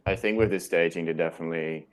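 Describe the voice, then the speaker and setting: A man's voice: low-pitched, steady tone, fast talker. A man in a casual stream chat, mostly agreeing and adding short remarks.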